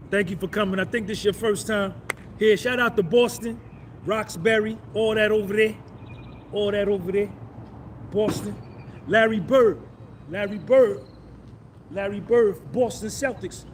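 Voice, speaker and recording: High-voiced man chatting on a live stream. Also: background noise. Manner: loose, boastful, repeats himself, shouts out viewers. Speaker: vlogger doing a live stream. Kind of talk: casual live-stream chat.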